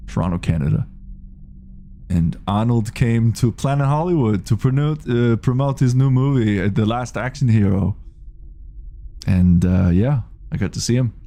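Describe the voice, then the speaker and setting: A man's voice: on the low side, gravelly, dark tone. A man in his late thirties chatting casually on a game live stream, rambling, swearing freely and reading out chat messages. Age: 30s.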